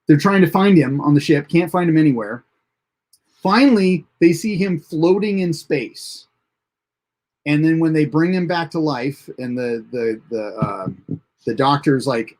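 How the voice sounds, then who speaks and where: A man's voice: fairly high pitch, a little slow, darkish tone. Rambling man reviewing a TV episode. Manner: rambling recap with frequent fillers and restarts; chuckles at funny moments while recounting. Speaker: host of a TV episode review show. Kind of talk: casual live episode review.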